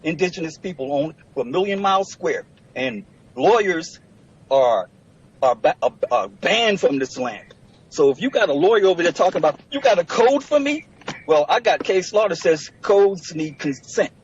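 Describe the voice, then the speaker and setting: A man's voice: a little high, expressive, normal speed, breathy edge, dull audio. A man representing himself in a courtroom, lecturing and arguing combatively with the judge. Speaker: self-represented litigant in court. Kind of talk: courtroom argument.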